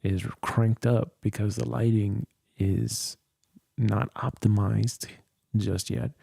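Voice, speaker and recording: Tired, gravelly man rambling on stream. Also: on the low side, little pitch movement, slow, dark tone, no room sound, clean studio sound. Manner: rambling, thinking aloud. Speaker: livestream host. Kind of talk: casual livestream chat. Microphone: close studio dynamic mic.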